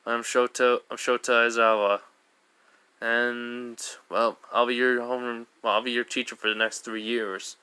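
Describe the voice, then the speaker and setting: Brief: man reading as a blunt male teacher, slow and loud, bright forceful tone. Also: medium pitch, flat delivery, smooth, no echo, natural voice. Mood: stern. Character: stern tired male homeroom teacher.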